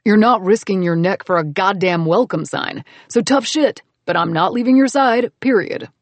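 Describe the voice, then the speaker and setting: A woman narrating an audiobook, voicing a grouchy, growly young man who is protective and gruff. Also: medium pitch, moderate pace, no room sound, close to an everyday voice. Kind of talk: audiobook character voice.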